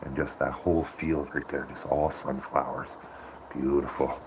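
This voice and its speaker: A man's voice: a bass voice, flat delivery, moderate pace, background noise. A man chatting casually on a morning live stream, rambling and laughing often. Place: home by a window.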